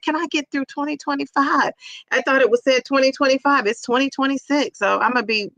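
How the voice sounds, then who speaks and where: Bright-voiced woman chatting live. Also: a little high, no room sound. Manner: chatty, laughs often, greets viewers warmly by name. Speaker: livestream host reading chat. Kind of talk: casual live chat.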